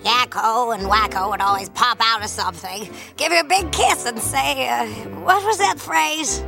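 A woman's voice: fairly high pitch, normal speed, vocal fry, music in the background. A woman voicing a forgetful elderly woman in a cartoon, rambling as she searches for words. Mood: muddled. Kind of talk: cartoon voice acting.

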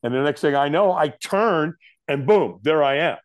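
A man's voice: normal speed, dry recording, clean studio sound. A middle-aged man, a guest in an interview, telling a story and acting out what people said to him. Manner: animated, acts out quotes with big pitch jumps.

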